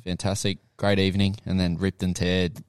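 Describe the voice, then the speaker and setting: A young Australian man with a lowish voice, chatting loosely and cheerfully as a podcast host. His talk is slangy and upbeat, broken by frequent laughter. The sound is dry and close. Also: little pitch movement, normal speed, smooth, dry recording. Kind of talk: casual pub chat.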